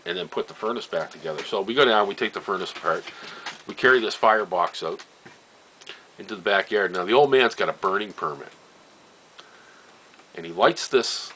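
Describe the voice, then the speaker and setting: Older guy from nova scotia spinning old work stories, keeps chuckling, bright clear voice. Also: lowish voice, a little hiss or hum, rough recording. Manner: laughs often, chuckling asides, trails off and repeats phrases. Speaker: storyteller. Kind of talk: casual personal storytelling.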